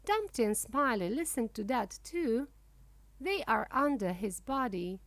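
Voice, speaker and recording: A woman reading a children's storybook aloud in a slow, clear way for young English learners. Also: on the high side, lively intonation, a bit bright, no echo. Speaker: narrator. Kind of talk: children's book read-aloud.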